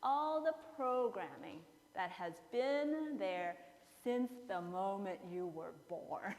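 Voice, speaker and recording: A woman's voice: medium pitch, expressive, slow, darkish tone. Woman preaching in a reverberant church. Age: 50s. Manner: storytelling, acting out characters with playful asides. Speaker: pastor. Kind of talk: sermon. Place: church sanctuary.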